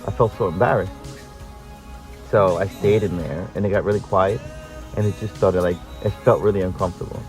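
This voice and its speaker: A man hosting a casual talk show, telling a personal story in an animated way and acting out the people in it, with casual swearing. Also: sits low, brisk, faint music behind, rough recording. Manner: animated, acts out quoted voices, swears casually.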